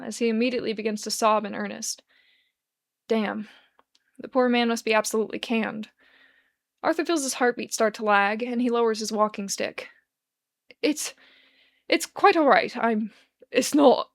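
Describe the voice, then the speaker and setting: A woman giving an expressive, measured reading of a fan-written story. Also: on the high side. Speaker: fanfic reader.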